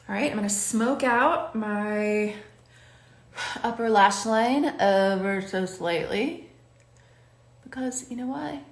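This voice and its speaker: A woman's voice: medium pitch, lively intonation, a little slow, vocal fry, reverberant, slight background noise. A woman hosting a makeup tutorial, chatting and coaching the viewer while she does her own makeup. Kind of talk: talking while doing her makeup on camera.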